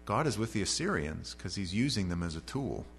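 Reading scripture aloud and then putting it in casual, modern terms, a man preaches a verse-by-verse expository sermon as a pastor. His deep voice is sing-song and fairly quick, and mains hum is faintly audible.

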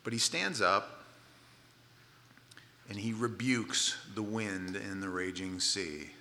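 A man delivering a sermon with a very bright, sharp, forceful voice. He preaches conversationally, stumbling into restarts and repeated words. At his high points he turns loud and emphatic. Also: takes it slowly. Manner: grows loud and emphatic at climaxes. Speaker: pastor.

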